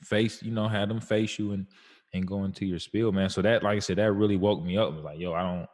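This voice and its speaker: A man with a very deep voice talks about fatherhood in a casual, slangy manner. He tells his stories in a relaxed and reflective way. His voice carries a long reverb, as if the room were large. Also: fast. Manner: laid-back, slangy, reflective storytelling. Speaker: podcast co-host. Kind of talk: casual chat.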